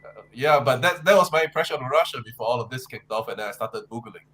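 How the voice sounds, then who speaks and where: A man on a panel, telling an anecdote in a relaxed, conversational way. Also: medium pitch, fast, poor audio. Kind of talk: casual chat on a call-in panel.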